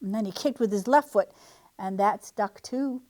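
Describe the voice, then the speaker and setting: A woman reading a picture book aloud for storytime, in an expressive way. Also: medium pitch, moderate pace. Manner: expressive, animated. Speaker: library storytime reader.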